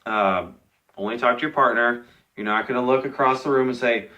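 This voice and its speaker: Bright-voiced male teacher laying out rules. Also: medium pitch, fairly even intonation, a little fast, muffled recording. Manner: patient, repeats rules and checks with "okay". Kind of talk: modeling classroom instructions to young students.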